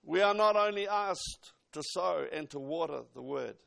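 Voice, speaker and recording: A man's voice: a little high, animated, moderate pace, creaky, fairly bright tone. A man preaching a sermon, emphatic, quoting scripture and asking the congregation questions.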